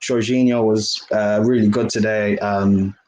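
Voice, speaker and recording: A man's voice: on the low side, fairly even intonation, measured pace, darkish tone, slight background noise. Opinionated man on a roomy call-in line. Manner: blunt, opinionated. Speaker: caller. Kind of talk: football match reaction.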